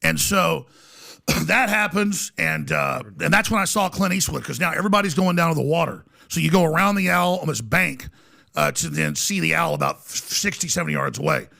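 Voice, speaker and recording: A man guest on a podcast, telling a story in an excitable way, stumbling and restarting and acting out what people said. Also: fairly high pitch, normal speed, creaky. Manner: excitable, many restarts, acts out quotes. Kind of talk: animated storytelling.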